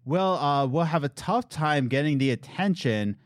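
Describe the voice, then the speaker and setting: A man's voice: fairly high pitch, lively intonation, normal speed, no room sound, studio quality. A man in his late twenties hosting a casual podcast chat, joking around and reading listener comments aloud. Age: late 20s. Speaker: podcast host.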